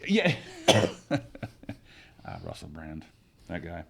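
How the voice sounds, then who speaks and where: Lower-pitched man rambling on a podcast. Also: very slow, creaky. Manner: rambling, opinionated, animated with frequent restarts. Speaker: podcast co-host. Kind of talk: casual chat.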